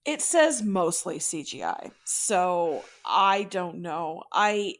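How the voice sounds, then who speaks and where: A woman's voice: lowish voice, big pitch swings, takes it slowly. Woman, casual podcast chat, playful, jokey, reads news. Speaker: podcast co-host.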